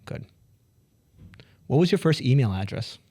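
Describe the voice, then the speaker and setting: A male podcast host in casual chat who keeps throwing quick questions at his guest. He rambles and jokes, trips over his words and circles back. His pitch sits in an ordinary middle range. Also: animated, mellow, slightly rough. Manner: playful, rambling, rapid-fire questions.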